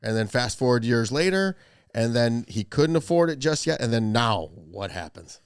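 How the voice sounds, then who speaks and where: A man's voice: mid-range voice, lively intonation, moderate pace, clean tone, no echo, studio quality. A man hosting a podcast who presses his guest with questions and urges listeners to take notes. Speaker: podcast host. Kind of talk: interview.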